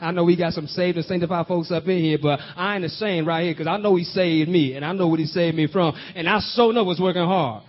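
A man preaching a sermon, urging his congregation to answer back and building his points with rhythmic repetition. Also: sits high. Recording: dull lo-fi recording.

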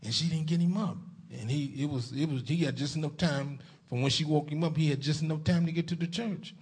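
A man preaching a folksy sermon in a church as a guest preacher, starting soft and building to loud exhortation. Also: on the high side, a little fast, breathy edge.

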